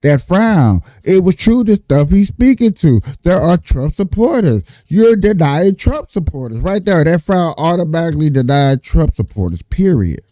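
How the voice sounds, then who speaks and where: Guy ranting bout politics, lotta slang and swearing, kinda high but mellow voice, dry close mic. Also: big pitch swings, moderate pace, hardly any pauses, dry recording. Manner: emphatic, repetitive, slangy and profane. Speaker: streamer and political commentator. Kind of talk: profane casual monologue.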